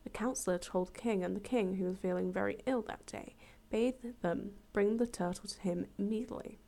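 A woman reading a fable aloud as a storyteller, relaxed and chatty, with casual asides and self-corrections. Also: medium pitch, brisk, vocal fry.

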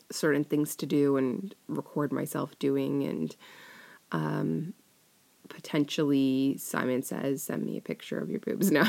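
A young woman chatting casually as an audio creator answering listener questions, often dropping into a soft whisper and giggling. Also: low-pitched, gravelly. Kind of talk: casual Q&A chat.

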